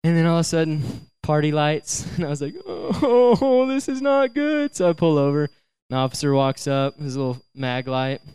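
A young man telling a funny personal story to a young audience, talking in a chatty, animated way, laughing often and filling in with "you know" and "like". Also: fairly high pitch, fairly quick, clean tone. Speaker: youth speaker.

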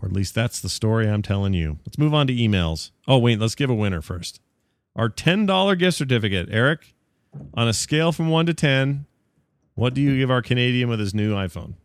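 A man's voice: medium pitch, expressive, brisk, no room sound. A man co-hosting a podcast in casual chat, joking around and laughing often. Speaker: podcast co-host.

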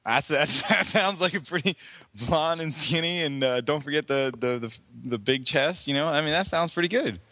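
Bright, crude, mocking man. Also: a little high, normal speed, no echo. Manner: crude, mocking, laughs often. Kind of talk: casual chat.

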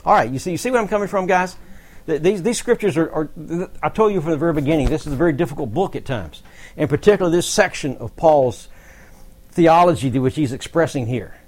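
A man's voice: on the high side, lively intonation, quick pace, darkish tone. A man teaching a Bible study, explaining verses in a conversational way with asides to the group. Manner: conversational, explanatory, occasional laughs.

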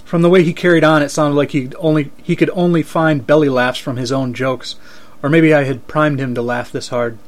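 A man narrating a story aloud in an even, dry way. His voice sits slightly higher than most men's, and he keeps a steady reading rhythm. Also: fairly quick. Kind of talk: reading first-person fiction aloud.

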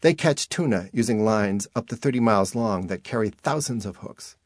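A solid, earnest village woman, read by a man speaks in plain, matter-of-fact lectures. The low voice stays close and dry, with little change in pitch. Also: expressive, moderate pace, no room sound.

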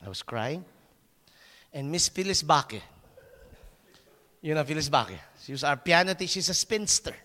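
A man preaching a sermon as a pastor, telling a personal story in an animated way, laughing at himself and stumbling over restarts. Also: a little high, moderate pace, pauses often, long reverb tail.

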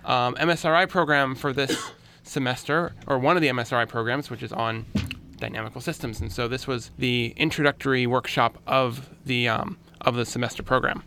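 A man's voice: mid-range voice, fairly even intonation, fairly quick, pushed and bright, a little hiss or hum. A man with a Californian American accent, a guest mathematician explaining his field casually, with many restarts and fillers in a radio studio. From Los Angeles. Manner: chatty, self-deprecating, frequent restarts and "um"s.

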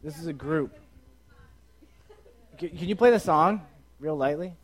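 A man's voice: fairly high pitch, a little slow. A man hosting a podcast in front of a group, joking and coaxing people to join in, repeating himself. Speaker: podcast host. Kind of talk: casual chat to a live group.

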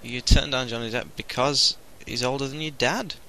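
A man with a bright, forceful voice hosts a casual podcast chat. He tells cheeky jokes, laughs often, and slips into quick put-on voices for the people in them. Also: mid-range voice, fairly even intonation, slight background noise, low-quality recording. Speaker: podcast host.

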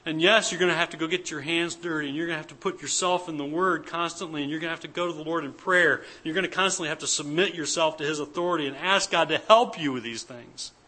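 A man's voice: fairly high pitch, fast talker, hardly any pauses, bright, forceful tone. A man preaching an earnest, emphatic church sermon as pastor, repeating his key points. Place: church service.

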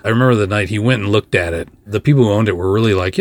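A podcast host tells a behind-the-scenes story as a chatty, rambling monologue packed with fillers and quick asides. His voice is on the low side, and there's no echo.

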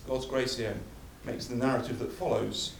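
A man's sermon, recorded at a distance in an echoing church hall, grows more emphatic as he repeats key phrases. His medium-pitched voice is gravelly and steady at a normal speed, with slight background noise.

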